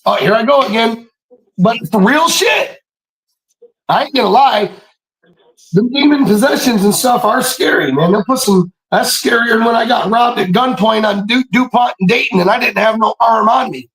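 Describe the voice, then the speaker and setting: A man telling stories in a casual monologue, animated and preachy, swearing freely and often breaking into shouts. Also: very high-pitched, moderate pace, rough recording. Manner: profane, streetwise slang. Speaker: podcast speaker.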